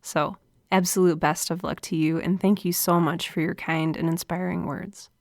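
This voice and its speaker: A woman hosts a solo podcast, speaking earnestly and confidingly with a smile in her voice, close to a studio microphone. Her voice is fairly low with a flat delivery and moderate pace, and there's no echo.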